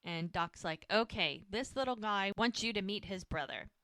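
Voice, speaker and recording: A woman's voice: medium pitch, moderate pace, bright, forceful tone, dry recording. A woman co-hosting a rewatch podcast, eagerly retelling scenes and acting out the characters' lines in casual chat. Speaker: podcast co-host recapping a show.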